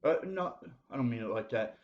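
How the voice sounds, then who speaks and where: Here a man with a medium-pitched, animated voice talks at a moderate pace, preaching confessionally to camera in a self-made video. His monologue wanders, packed with "dude," "bro" and urgent calls to the listener, and the recording is roomy with a dull lo-fi sound.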